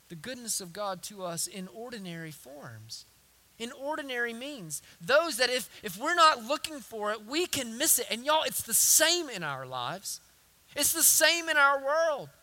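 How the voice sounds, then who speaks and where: Southern guy preaching, high bright voice, earnest and building up, repeats for emphasis. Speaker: pastor. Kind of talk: sermon.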